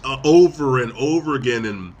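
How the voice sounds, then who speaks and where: A man's voice: medium pitch, expressive, normal speed, a little mellow, a little hiss or hum. A man hosting a podcast, casually recapping a movie and rambling with lots of fillers and restarts. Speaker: podcast host. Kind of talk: casual movie review chat.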